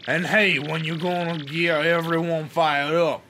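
A man voicing a jovial southern fight promoter in a slow, drawn-out put-on drawl while reading game text. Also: on the high side, steady tone, sharp tone, slight background noise.

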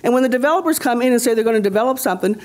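A community leader from Nova Scotia, Canada, gives an impassioned panel talk at a conference, rousing and rhetorical, repeating phrases for emphasis. Her fairly high voice is expressive and a little mellow, and she races along.

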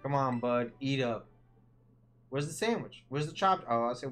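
A man's voice: mid-range voice, lively intonation, moderate pace, fairly bright tone, faint music behind. A man giving casual, joking commentary while playing a video game, chatting slangily to the characters on screen. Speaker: gaming video creator. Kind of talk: casual let's-play commentary.

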